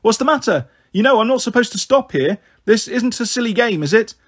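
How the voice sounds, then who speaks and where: A man voicing a concerned adult woman, brisk and fussing. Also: very high voice, lively intonation, voice pushed up.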